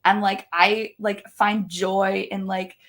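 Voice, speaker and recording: Chatty woman with a gravelly edge. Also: medium pitch, takes it slowly. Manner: chatty, heavy use of "like" fillers, animated. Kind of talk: casual storytelling.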